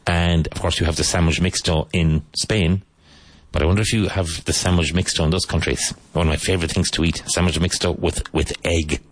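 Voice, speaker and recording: A man hosting a radio-style English lesson, repeating words slowly and pointing out which syllable takes the stress. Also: sits low, steady tone, no echo. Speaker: English teacher.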